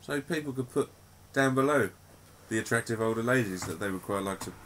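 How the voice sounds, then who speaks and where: A man's voice: mid-range voice, a little fast, fairly bright tone, slight background noise. A man, co-hosting a podcast in rambling, jokey casual banter. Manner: rambling, jokey, puts on silly voices. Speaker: podcast co-host.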